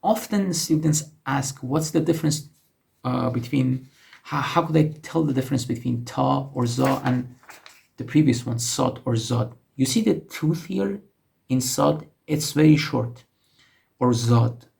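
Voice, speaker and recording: Slow gravelly man teaching letters. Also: mid-range voice, a little mellow. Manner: slow, patient explaining with frequent self-corrections. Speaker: language teacher. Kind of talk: casual teaching while writing on a board.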